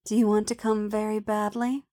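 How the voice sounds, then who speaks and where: A woman doing Leia, a hushed, teasing princess. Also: mid-range voice, level tone, normal speed, lightly acted. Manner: soft, hushed, often whispered.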